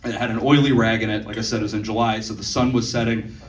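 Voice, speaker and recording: Captured from a distance in a roomy club, a fast-talking young comic in his twenties speaks in a lowish voice with fairly even intonation. He rambles through profane stories during his stand-up set, tossing asides to the crowd as the audience laughs.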